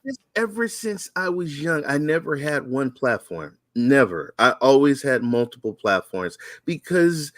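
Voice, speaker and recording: A man's voice: medium pitch, very animated, measured pace, few pauses, no room sound, clean studio sound. A man co-hosting a casual online talk show, speaking enthusiastically. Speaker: co-host. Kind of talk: casual chat.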